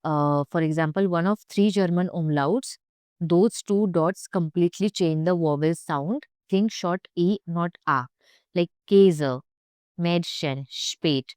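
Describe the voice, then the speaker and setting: A woman's voice: fairly low pitch, a little slow, darkish tone, clean tone, no echo, studio quality. A young woman teaching German pronunciation, speaking carefully and repeating each sound for learners. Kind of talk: pronunciation lesson.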